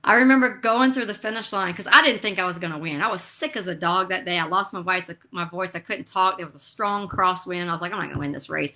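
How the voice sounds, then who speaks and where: Bright-voiced animated woman. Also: lowish voice, fairly quick, few pauses. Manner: animated, emotional storytelling. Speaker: guest, drag racer. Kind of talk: casual interview chat.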